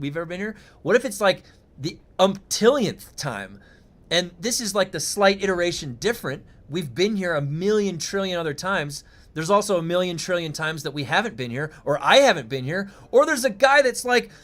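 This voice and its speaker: A man's voice: sits high, a bit bright. A man who streams games muses aloud in a rambling, curious way and swears now and then, talking into a desk mic. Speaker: game streamer. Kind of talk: casual livestream musing.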